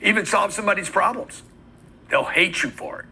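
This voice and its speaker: Husky, blunt male sales coach. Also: high-pitched, brisk, bright, forceful tone, low-quality recording. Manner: blunt, emphatic, acts out quoted voices. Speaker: sales trainer. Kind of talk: motivational sales talk.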